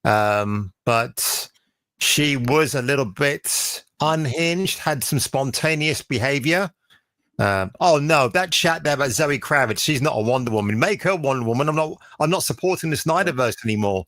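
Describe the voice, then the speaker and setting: A man's voice: mid-range voice, animated, moderate pace, fairly bright tone, dry recording. A man in casual conversation, chatty and opinionated, talking about films. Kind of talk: casual watch-along chat.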